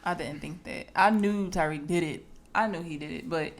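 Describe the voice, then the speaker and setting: A woman's voice: sits low, normal speed. A young woman co-hosting a casual podcast at home, hesitant and teasing, often trailing off mid-sentence. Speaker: podcast co-host. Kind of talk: casual chat. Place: home, at a table.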